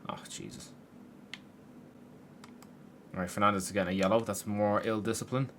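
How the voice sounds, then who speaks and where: A young man narrates his own football game from his bedroom in a fairly low voice. He keeps breaking into frustrated, sweary outbursts at the players and the game. A faint hum of keyboard typing sits behind him. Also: fairly even intonation, rapid-fire, a bit bright. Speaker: gaming YouTuber. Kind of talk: gameplay commentary. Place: his room at home.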